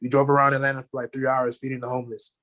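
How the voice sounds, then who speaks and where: A man's voice: medium pitch, flat delivery, racing, a bit bright. Rambling young man telling a story. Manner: rambling, many fillers like "you know" and "like". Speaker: guest. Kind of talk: casual storytelling.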